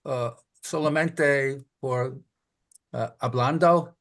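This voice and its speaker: A man answering questions as a student in an online class, hesitant and halting. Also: medium pitch.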